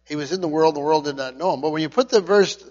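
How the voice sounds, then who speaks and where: A man preaching a verse-by-verse Bible teaching, stumbling and repeating words, his voice rising loud and then dropping quiet. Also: fairly high pitch, long reverb tail, lo-fi sound. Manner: halting, repeats words often, swings between loud and quiet. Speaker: pastor.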